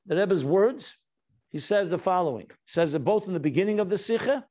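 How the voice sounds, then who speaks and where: A man with a notably high voice delivers a Torah lecture as a rabbi. He explains step by step, leans hard on key words and slips between English and Hebrew and Yiddish terms, reading quoted passages aloud. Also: animated, brisk, a little mellow. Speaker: rabbi teaching a class.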